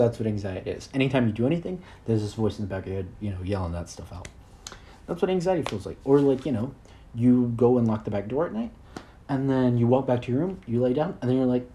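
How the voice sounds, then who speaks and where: A man's voice: mid-range voice, lively intonation, fast talker, warm tone, a little hiss or hum. A man in his early twenties hosting a solo podcast, rambling in a crude, self-deprecating way. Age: 20s. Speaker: podcast host.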